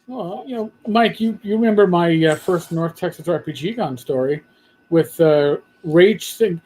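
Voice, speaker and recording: A man's voice: sits high, moderate pace, a little mellow, low-quality recording. A man hosting a livestream chat, telling a story and quoting others. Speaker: podcast host.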